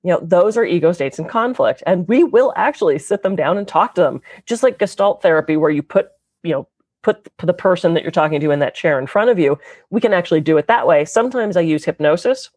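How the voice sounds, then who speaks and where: A woman's voice: lowish voice, animated, fast talker, a little mellow, no echo. A woman guest speaking as a therapist, explaining her work in an earnest, conversational way. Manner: earnest, explanatory, slips into quoted voices.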